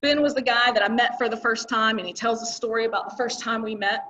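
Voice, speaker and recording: A woman with a high voice giving a motivational keynote, chatty and emphatic, full of rhetorical questions. Her talk comes through on a dull, lo-fi recording. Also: steady tone, quick pace, sharp tone, recorded from a distance. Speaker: keynote speaker. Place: event hall with audience.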